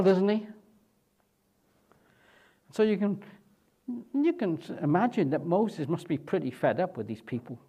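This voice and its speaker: A man's voice: a little high, darkish tone. A man pastor preaching a sermon in a conversational way, often asking the congregation rhetorical questions.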